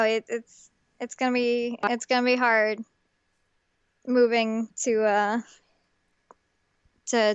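A woman's voice: mid-range voice, clean tone, no echo, lo-fi sound. A young woman co-hosting a podcast, chatting casually with many fillers and restarts. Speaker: podcast co-host. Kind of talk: casual chat.

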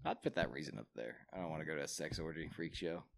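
A man's voice: a bass voice, fast, creaky. A man co-hosting a casual chat, trading crude, joking banter.

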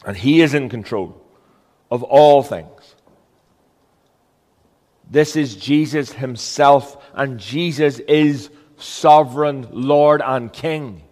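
A man's voice: medium pitch, slow, darkish tone, big-room sound. A man preaching a sermon as a pastor, earnest and emphatic, with rhetorical questions.

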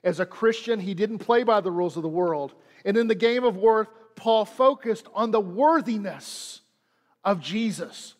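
A man's voice: high-pitched, moderate pace, long reverb tail. A man preaching a sermon as pastor, repeating lines and leaning hard on them for emphasis. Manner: preaching with dramatic emphasis and repetition.

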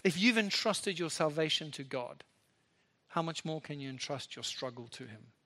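Man, preaching a sermon, high voice, animated, loud then hushed. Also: normal speed. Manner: animated, swings between loud emphasis and soft low asides.

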